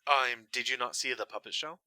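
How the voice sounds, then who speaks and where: A man co-hosting a casual chat, opinionated and quick to chime in. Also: mid-range voice, fairly even intonation, bright, forceful tone, no room sound. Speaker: podcast co-host.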